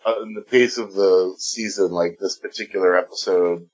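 A man on a casual podcast call, explaining something in a measured way. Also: deep voice, fairly even intonation, dull audio. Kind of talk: casual chat.

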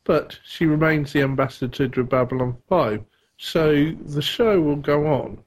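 A man's voice: on the high side, unhurried. A man co-hosting a podcast, reading listener feedback aloud in a casual way and laughing often. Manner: chuckles often while reading. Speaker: podcast co-host.

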